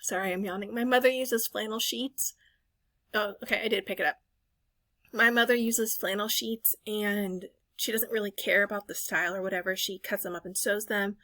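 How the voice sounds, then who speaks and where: A bright, forceful woman in her thirties talks through a thrift haul as a voice-over. She rambles in a friendly way, corrects herself mid-sentence and drops fillers. The sound is dry and close, with no room around it. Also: mid-range voice, steady tone, moderate pace, no echo. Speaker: reseller vlogger. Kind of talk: casual voice-over chat.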